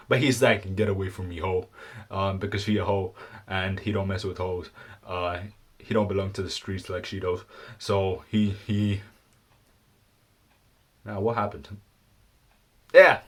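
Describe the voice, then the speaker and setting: A young man casually retelling a story in his vlog, rambling and slangy, full of ums and restarts. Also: a bit bright. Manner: puts on squeaky high voices for quoted characters. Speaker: vlogger.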